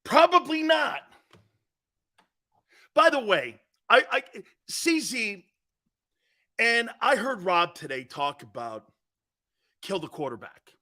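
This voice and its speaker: A man's voice: sits high, very animated, takes it slowly, long pauses, pushed and bright. A man hosting a sports talk show, ranting with emphatic, combative opinions and repeating himself for emphasis.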